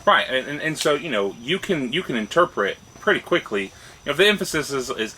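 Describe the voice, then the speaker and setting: Co-hosting a laid-back discussion show, he speaks in a mid-range, sing-song voice that's a little fast, bright and forceful. His manner is thoughtful, with restarted phrases and frequent upward "right?" checks, all on a rough recording with slight hiss or hum.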